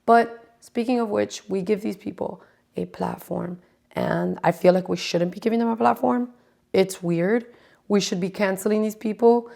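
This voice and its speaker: A woman in her forties rants casually as a podcast host, swearing freely and sounding exasperated. Her pitch sits in a middle range for a woman. She talks straight to her listeners with sarcasm and sometimes drops into a stage whisper. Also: normal speed, vocal fry, mellow. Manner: sarcastic, addresses the audience directly. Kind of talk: casual ranting commentary.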